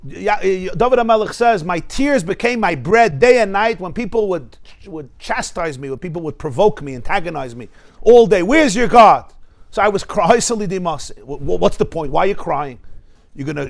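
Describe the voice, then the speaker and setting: A man teaching a Torah class, emphatic and lively, weaving Hebrew quotations into his talk. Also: high-pitched, normal speed, vocal fry. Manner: emphatic, mixes Hebrew and Yiddish terms into English, acts out voices.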